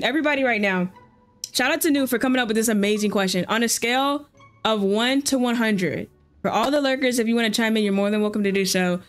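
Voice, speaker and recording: Chatting casually with her viewers while playing, this woman streamer sounds excited and uses plenty of slang, her voice sitting in the mid range.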